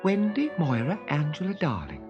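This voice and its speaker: A man reading a storybook aloud and voicing a prim, well-spoken girl who is kind and motherly but quick to take offence. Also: on the high side, huge pitch swings, lo-fi sound, music in the background, pitched above the performer's own voice.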